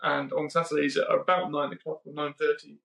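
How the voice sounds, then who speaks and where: Gravelly man hosting in an echoey room. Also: fairly high pitch, flat delivery, fairly quick, fairly bright tone. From United Kingdom. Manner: chatty, rambling, with frequent ums and self-corrections. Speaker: podcast host. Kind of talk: casual conversational podcast chat.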